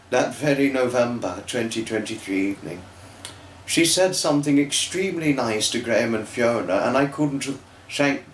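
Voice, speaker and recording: A man's voice: mid-range voice, echoey room, slight background noise, poor audio. A young man talking earnestly and tearfully in a rambling personal vlog, with many restarts. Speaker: fan vlogger.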